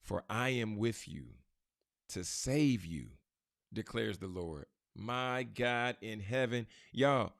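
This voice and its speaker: A man gives a motivational scripture talk with an emphatic, preacher-like delivery. He speaks straight to his listeners. His voice sits at an ordinary pitch and is recorded dry and close. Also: no room sound. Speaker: podcast host.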